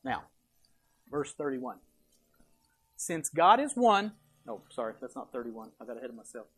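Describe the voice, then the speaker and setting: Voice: medium pitch, sing-song, moderate pace, breathy edge. A preacher giving a verse-by-verse sermon with slides, emphatic, asking rhetorical questions and answering them, with folksy asides.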